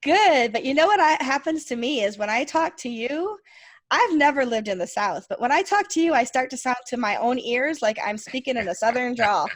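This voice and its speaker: A woman's voice: high-pitched, animated, normal speed, no room sound, studio quality. A woman from Rochester, New York with a Rochester accent, hosting a casual interview podcast and laughing often. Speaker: podcast host.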